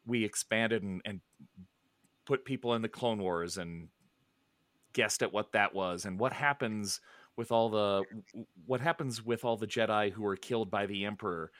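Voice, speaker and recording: A middle-aged man chatting casually, rambling with many restarts and soft chuckles. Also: lowish voice, normal speed, dry recording. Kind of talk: casual chat.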